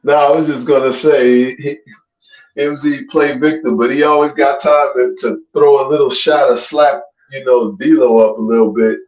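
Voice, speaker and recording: A man joining a casual boxing chat, talking in quick restarts. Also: medium pitch, steady tone, darkish tone, lo-fi sound.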